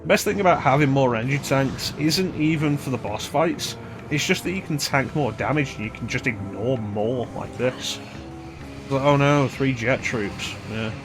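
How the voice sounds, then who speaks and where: A man's voice: mid-range voice, moderate pace, music in the background. A man casually commenting on a game he is playing, rambling and humming to himself between remarks. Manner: rambling, chatty, hums and scats to himself. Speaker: streamer.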